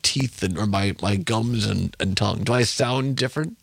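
A male radio talk show host speaking slowly and carefully, his mouth still numb from dental anesthetic, with self-deprecating humor. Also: lowish voice, vocal fry, dry recording. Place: radio studio. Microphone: studio microphone.

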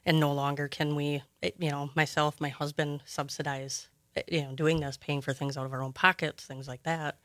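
A woman who runs a childcare center, talking in a halting, earnest way as a guest on a radio interview. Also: low-pitched, flat delivery, fairly bright tone, dry recording. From Wisconsin. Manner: halting, earnest, many restarts.

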